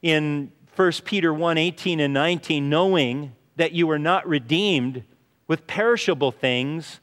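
Slow, high-voiced preacher in a hall. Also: male voice, fairly bright tone. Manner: earnest storytelling, often says "you see". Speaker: pastor. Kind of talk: sermon. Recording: reverberant hall.

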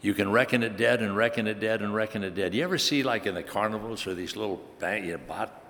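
A man's voice: fairly low pitch, fast talker, fairly bright tone, big-room sound, slight background noise. A man preaching a sermon, telling a personal story with animation and building to emphatic preaching. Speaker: pastor.

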